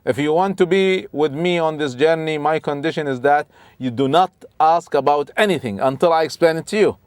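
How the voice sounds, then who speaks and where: A man voicing a calm, stern, wise old sage who speaks in a measured, firm way, within a religious story lesson. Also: on the high side, clean tone, no echo, clean studio sound, pitched above the performer's own voice, lightly acted.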